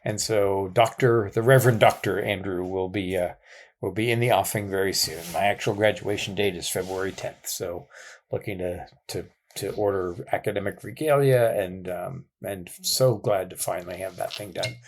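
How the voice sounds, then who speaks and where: Genial low-voiced male co-host. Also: steady tone, normal speed. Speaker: podcast co-host, reverend. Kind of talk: casual podcast chat.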